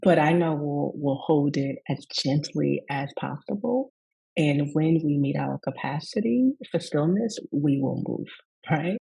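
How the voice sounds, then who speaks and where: A woman's voice: deep voice, lively intonation, a little slow, gravelly, breathy edge, poor audio. A woman from the Southern United States, a rest coach and yoga teacher, telling a reflective story in a summit interview. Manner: warm, reflective storytelling with acted quotes.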